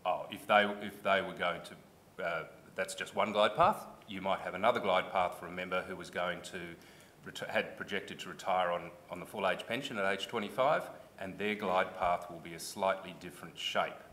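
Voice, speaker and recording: Low-pitched Australian man testifying at a hearing, earnest and explanatory, faint rumble behind. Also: moderate pace, fairly bright tone. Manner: earnest, explanatory, restarts when pressed. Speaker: submitter at a public hearing. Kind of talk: formal testimony.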